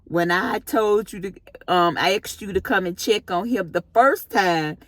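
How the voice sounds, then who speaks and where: A woman voicing a calm, firm senior nurse who speaks in a steady, matter-of-fact way. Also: medium pitch, a little slow, dry recording, clean studio sound, close to an everyday voice.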